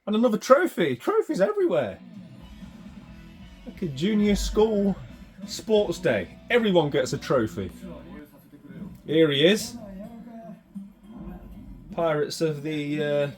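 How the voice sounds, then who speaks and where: A man hosting a retro gaming channel talks over a fighting game with a high-set voice that leaps all over the place. He drops to quiet mutters, then bursts into shouts. Game music plays clearly behind him. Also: slow pace, long pauses. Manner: animated, swings from muttering to shouting. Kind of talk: excitable gameplay commentary.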